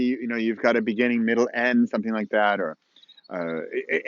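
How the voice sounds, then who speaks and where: A man's voice: medium pitch, no echo, highs cut off. A man hosting his own show in casual, encouraging talk, chatty and rambling with playful asides, recorded outdoors at dawn. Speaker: host of a motivational podcast-vlog.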